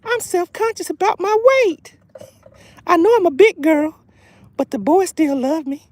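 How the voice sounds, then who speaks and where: A man voicing a big, self-conscious female bass fish in a high, sassy falsetto, outdoors on a lake. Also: lively intonation, a little slow, darkish tone, no echo.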